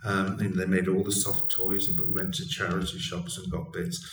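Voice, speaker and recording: A man's voice: low voice, moderate pace, background noise. A man, an educational consultant and storyteller, talking expressively and earnestly as an interview guest. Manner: expressive, earnest, with frequent restarts. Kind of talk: conversational interview. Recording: roomy, distant mic with faint ambience.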